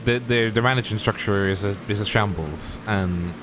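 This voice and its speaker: A man's voice: fairly low pitch, normal speed, background noise. A man co-commentating a sim racing stream, opinionated and jokey. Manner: opinionated, jokey, laughs at crashes. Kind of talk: live race commentary chat.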